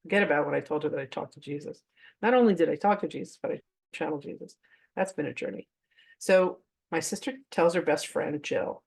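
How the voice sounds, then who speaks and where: A woman's voice: sits low, brisk, darkish tone. A woman leading a spiritual masterclass, talking to her audience casually and openly, with frequent laughs and offhand swearing, as she mixes teaching with personal stories. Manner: chatty and candid, laughs often, swears offhandedly; addresses the audience directly.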